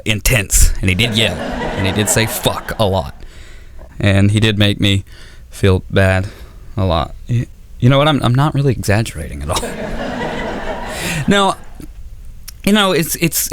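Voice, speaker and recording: A man's voice: fairly low pitch, lively intonation, normal speed, pauses often, background noise. A man doing a stand-up set on stage, rambling and self-mocking with stammering restarts. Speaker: stand-up comedian. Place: comedy auditorium stage.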